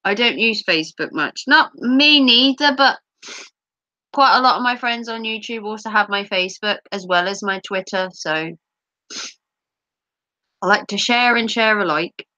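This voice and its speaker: Slow, bright-voiced teasing woman streamer. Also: medium pitch, dry recording, lo-fi sound. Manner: playful, teasing, giggly. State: sore voice. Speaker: livestream host. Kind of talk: casual chat reading out viewer comments. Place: home, streaming.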